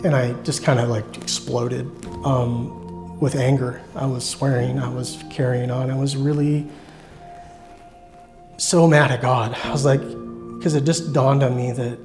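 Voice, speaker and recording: A man of ordinary pitch tells a personal faith testimony, earnest and reflective, often pausing and starting over. Music plays clearly underneath his voice. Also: little pitch movement. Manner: earnest, reflective, halting with restarts. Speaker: church member sharing testimony.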